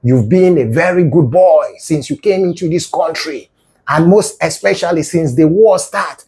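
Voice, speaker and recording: A man voicing a calm, reassuring older male prime minister on a phone call, speaking in a hushed, patronizing way with Nigerian Pidgin-inflected English. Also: fairly high pitch, moderate pace, natural voice.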